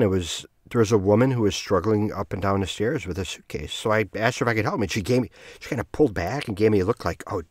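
A man hosting his own podcast, telling a personal story in a rambling, self-correcting way with soft laughs. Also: fairly low pitch, no room sound, clean studio sound. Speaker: podcast host. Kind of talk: casual storytelling monologue.

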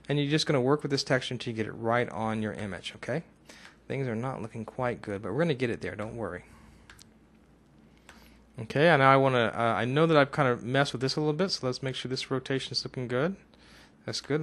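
A man narrating a casual software screencast tutorial, talking himself through each step and now and then bursting into excited whoops, recorded on a desktop mic at his computer. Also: medium pitch.

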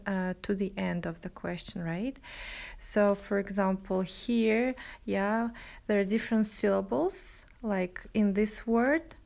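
A woman French teacher reviewing her textbooks, talking slowly with many pauses, "uh"s and "yeah?" checks, reading example words aloud. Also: mid-range voice, creaky, darkish tone. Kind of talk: language lesson, book review.

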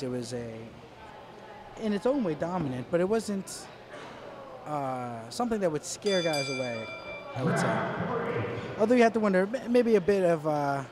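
A man's voice: high voice, big pitch swings, normal speed, crowd noise. A man giving live boxing commentary in a dry, wry way, with many fillers and restarts.

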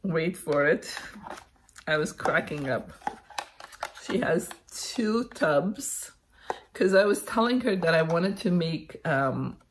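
A woman from Canada opening a parcel of craft supplies, chatting casually and gushing with thanks, a little unwell and clearing her throat. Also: sits low, lively intonation, background noise. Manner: gushing, slow and chatty, frequent thank-yous. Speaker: crafting vlogger opening happy mail. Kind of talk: casual unboxing chat.

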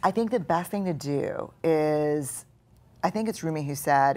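A woman's voice: low-pitched, normal speed, mellow. A middle-aged woman, a guest author in a live studio talk, explaining her ideas earnestly and acting out inner voices.

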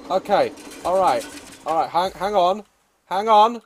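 A young man giving excitable, swearing gameplay commentary, with frequent laughter and shouts. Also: sits high, a little slow. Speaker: gaming video host.

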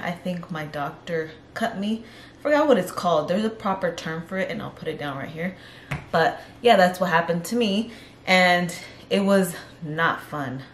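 A woman's voice: on the low side, echoey room, a little hiss or hum. A young pregnant woman chatting casually on her vlog, out of breath and rambling as she corrects herself. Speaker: vlogger.

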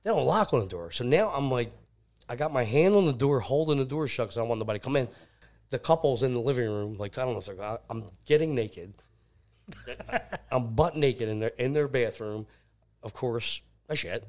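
This male podcast guest speaks in a mid-range voice at a fairly quick clip. Laughing and swearing often, he animatedly tells crude personal stories in a casual way.

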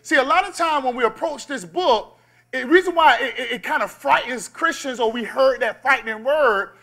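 A male pastor preaching a sermon, calling on the congregation to shout back and drawing out key words. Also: extremely high pitch. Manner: call-and-response preaching, slows and stresses key words.

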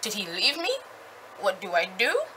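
A woman's voice: mid-range voice, very animated, moderate pace, noisy background, lightly acted. A woman voicing a flustered, indignant teenage girl. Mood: bewildered. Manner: indignant, bewildered.

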